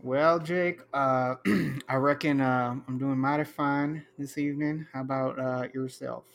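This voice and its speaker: A man putting on a folksy Old West cowboy voice with a slow drawl. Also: mid-range voice, steady tone, lightly acted.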